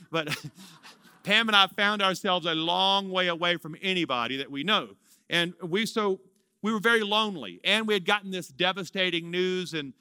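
Man in his 50s, pastor preaching a story; ringing, very bright and smooth tone, lively delivery. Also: high-pitched, no room sound. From Louisiana, US. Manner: animated storyteller, swings from excited to hushed. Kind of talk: sermon storytelling.

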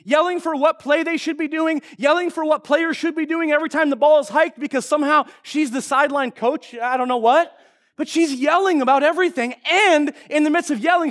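A middle-aged male pastor preaching a sermon, telling a story with jokes and lively energy. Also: very high voice. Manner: animated, joking storyteller.

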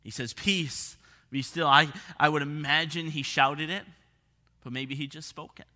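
Male pastor, high bright voice, expressive sermon delivery, hall reverb. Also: normal speed. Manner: expressive preaching, drops to hushed tones for emphasis.

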